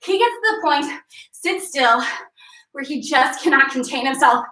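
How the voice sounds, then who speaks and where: A young woman leading a live workout class, telling a legend in a playful, energetic way while cueing moves. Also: high voice, a little slow, distant mic. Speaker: fitness instructor. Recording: echoey room, voice off-mic.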